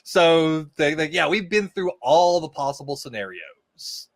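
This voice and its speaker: A man who is a podcast guest, casually talking over a TV episode, opinionated and animated when he quotes the characters. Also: on the high side, measured pace, dry recording, clean studio sound. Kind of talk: casual chat discussing a TV episode.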